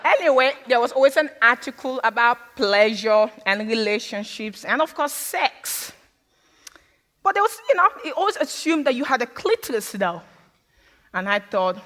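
A woman's voice: on the high side, expressive, normal speed, fairly bright tone. A woman from Africa telling her own story in a candid, wry talk, slipping into the voices of others. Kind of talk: personal storytelling talk with humor. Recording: long hall reverb.

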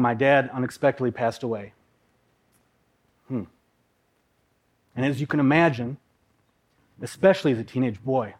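A man in his thirties from the upper Midwest, telling a personal story on stage in a vivid, dramatic way with pauses. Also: medium pitch. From Minnesota, USA. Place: live talk on a stage.

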